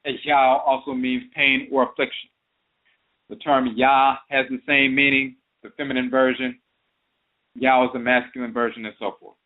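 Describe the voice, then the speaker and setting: Male radio host, mid pitch, methodical lecturer, phone-line sound. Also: little pitch movement, moderate pace. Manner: explanatory, lists term variants methodically. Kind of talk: lecture-style talk. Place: internet radio broadcast.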